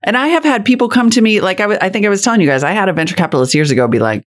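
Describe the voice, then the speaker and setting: A woman co-hosting a podcast, bantering quickly and chiming in with short agreements. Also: mid-range voice, animated. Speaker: podcast co-host. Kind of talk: casual business podcast chat.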